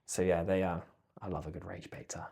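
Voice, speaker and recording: A man's voice: sits low, a little fast, creaky. Jokey young man chatting. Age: 20s. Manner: jokey, animated, swears casually. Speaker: podcast guest. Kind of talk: casual chat.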